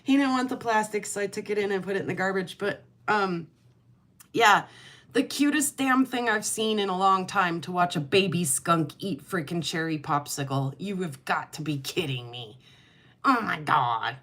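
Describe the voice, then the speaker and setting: A woman's voice: fairly low pitch, normal speed, fairly bright tone. A middle-aged woman hosting a casual livestream chat, rambling and laughing often as she talks. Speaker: livestream host.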